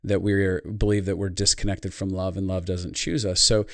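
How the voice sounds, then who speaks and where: A man's voice: low-pitched, little pitch movement, moderate pace, no room sound. A man speaking as a guest on a podcast, telling a reflective personal story in an earnest tone. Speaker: podcast guest, life consultant. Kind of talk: podcast interview conversation.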